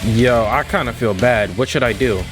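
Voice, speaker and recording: A man's voice: mid-range voice, moderate pace, music in the background. A young man reading a visual novel aloud and reacting with exasperated, slangy outbursts. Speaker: gaming video creator.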